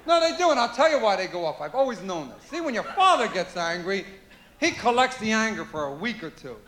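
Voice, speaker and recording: On a live stage, another male comedian peppers the crowd with rhetorical questions, his high voice swinging widely in pitch at a fairly quick clip. The tone is a bit bright, and the venue echoes with audience noise.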